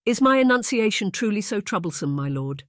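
A man voicing a polite, nervous but spirited young lady in an audiobook, lifting his pitch to sound earnest and questioning. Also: sing-song, a little fast, fairly bright tone, no echo, studio quality. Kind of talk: audiobook narration.

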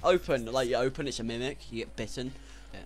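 A young man giving casual, sarcastic gameplay commentary, swearing and breaking into sudden loud outbursts. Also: mid-range voice, flat delivery, fast talker, soft background music. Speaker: gaming YouTuber.

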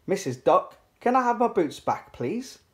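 A boastful little girl piglet from a picture book, high-pitched and eager, played by a man reading aloud. She bounces between bragging and upset with an excitable lift in her voice. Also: unhurried.

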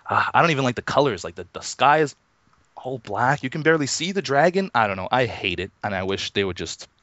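A man's voice: mid-range voice, fast. A man in his thirties, a guest on an interview show, chatting casually with lots of fillers and little chuckles. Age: 30s. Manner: relaxed, chuckling, many fillers and restarts. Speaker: interview guest, Minecraft YouTuber. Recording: dull, muffled lo-fi online call.

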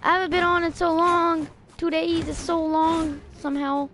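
A woman streaming a video game at home, talking casually and excitably, trash-talking her opponent with frequent loud outbursts. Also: very high-pitched, normal speed. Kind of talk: casual live-stream commentary while gaming. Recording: background music over voice. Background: music playing.

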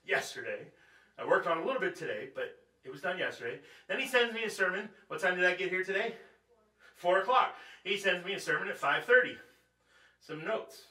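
Bright-voiced joking preacher in echoey church. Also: male voice, high-pitched, animated, fairly quick. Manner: joking, conversational, quizzes the audience. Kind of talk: Bible study teaching. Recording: echoey room, distant mic.

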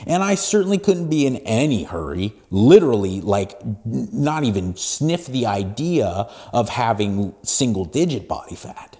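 Solo podcast host, male, forties; warm, low-brightness voice, energetic delivery that drops quiet then punches up. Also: a little slow, hardly any pauses. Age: 40s. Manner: emphatic, profane, swings between hushed and loud. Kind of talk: solo motivational podcast talk.

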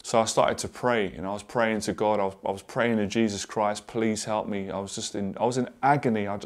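A confidence coach speaks to camera in a fairly low voice, open and earnest about his past. He often stops and restarts mid-thought, sounding unscripted and sincere. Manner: earnest and candid, halting with frequent restarts. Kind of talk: personal story told to camera.

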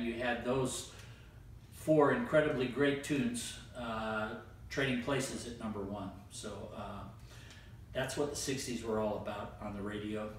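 An older man hosting a casual oldies chat, relaxed and rambling, pausing often to think. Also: mid-range voice, a little hiss or hum. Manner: relaxed, rambling with frequent "uh" pauses. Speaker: host. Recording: echoey room, distant mic, music underneath.

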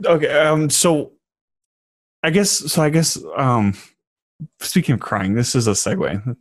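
A man's voice: medium pitch, lively intonation, measured pace, dry recording. A man hosting a podcast, talking in a laid-back, conversational way with filler words. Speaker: podcast host. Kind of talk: casual podcast interview.

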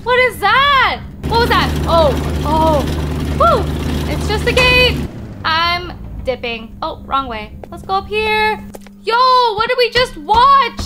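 Young woman, very high voice, slow-paced, excitable horror game commentary, game music behind. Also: heavy background noise. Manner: jumpy, excitable, panicky reactions. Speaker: gaming channel host.

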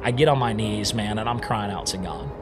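A man who is a podcast guest, telling his own story in a casual, animated way and often acting out what he once said. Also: fairly low pitch, fairly quick, music in the background.

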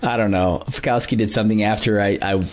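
Animated storytelling man. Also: lowish voice, fast talker. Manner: animated storyteller, laughs often, acts out quotes. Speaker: podcast guest. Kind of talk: casual chat.

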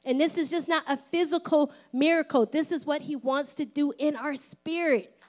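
Middle-aged woman pastor, high voice, lively playful sermon delivery, dips into whispers. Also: moderate pace. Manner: drops to a whisper at times.

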